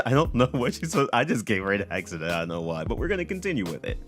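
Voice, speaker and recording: A low-voiced man talks through a game demo in rambling, self-correcting let's play commentary. His pitch swings widely as he reacts. Faint game music plays underneath. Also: sing-song, fast, few pauses. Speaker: game developer playing a demo.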